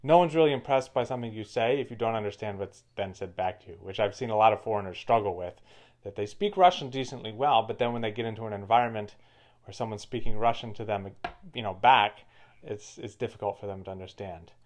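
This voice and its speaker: A man's voice: fairly low pitch, quick pace, darkish tone. A man co-hosting a casual chat, explaining his points fluently. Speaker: co-host.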